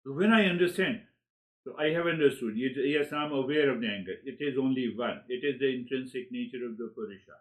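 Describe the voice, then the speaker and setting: Man, spiritual teacher lecturing: animated, repeats words, middle pitch. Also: fast talker, poor audio. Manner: animated, acts out inner dialogues with sudden laughs; repeats words while searching, "you, you".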